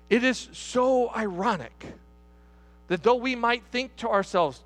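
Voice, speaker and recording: This middle-aged pastor has an extremely high, slightly bright voice and takes his time. Preaching a sermon in a church hall, he hammers his points home by repeatedly putting questions to the congregation.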